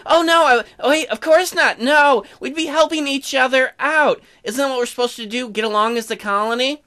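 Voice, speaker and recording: A man's voice: very high voice, normal speed, bright, forceful tone, voice pushed up. A man voicing an eager young newlywed woman colonist, reading game dialogue aloud in a raised, pleading voice. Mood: flustered.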